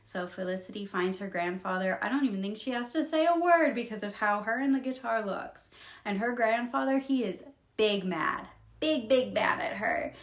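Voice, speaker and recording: A young woman creator recapping children's books in a casual, expressive storytelling style, emotional and quick to laugh. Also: medium pitch, echoey room. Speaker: video creator retelling books.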